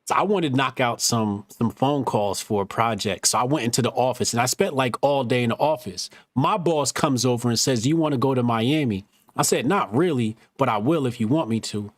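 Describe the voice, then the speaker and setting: The man has a mid-range voice in clean studio sound with no echo. Hosting a podcast, he tells stories casually and animatedly, cursing freely and acting out what people said.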